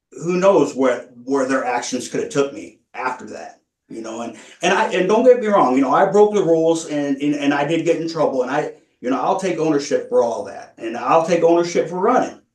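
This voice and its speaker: A man speaking at a parole hearing, earnest and halting, stumbling through many restarts as he explains himself. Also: fairly high pitch, animated. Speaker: parole applicant. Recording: echoey room, far from mic.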